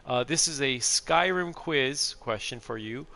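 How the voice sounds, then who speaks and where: A man's voice: mid-range voice, a little slow, gravelly, sharp tone. A middle-aged man streaming a video game, chatting in a rambling, casual way and laughing often. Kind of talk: casual gameplay chat.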